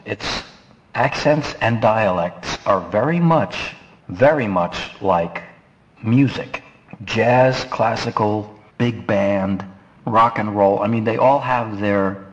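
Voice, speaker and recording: A man giving casual, animated, rambling advice on voice acting, slipping into quick character voices. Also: fairly low pitch, lo-fi sound. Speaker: voice acting instructor. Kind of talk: casual instructional talk.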